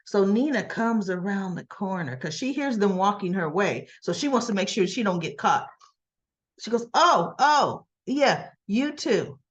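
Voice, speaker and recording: A woman's voice: mid-range voice, animated, moderate pace, lo-fi sound. A woman casually recapping a soap opera episode, opinionated and chatty, with frequent asides.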